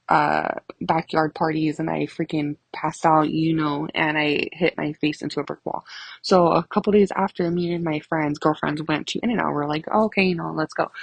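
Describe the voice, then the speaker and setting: Young woman, low husky voice, gravelly, profane rambling storytelling, dry close sound. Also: dry recording, low-quality recording. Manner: profane, rambling, laughs a lot. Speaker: vlogger. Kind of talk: casual storytelling.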